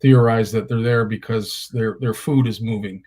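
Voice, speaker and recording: A man's voice: on the low side, steady tone, normal speed, a little mellow, husky. A middle-aged man, hosting a fishing talk show and telling rambling anecdotes with lots of restarts. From Canada. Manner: rambling storyteller with many restarts. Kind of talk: casual chat, telling anecdotes.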